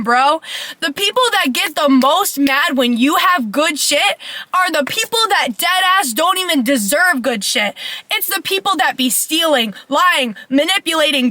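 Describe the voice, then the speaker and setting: A woman's voice: very high-pitched, pushed and bright, dry recording. A young woman life coach ranting bluntly and profanely in a casual vlog.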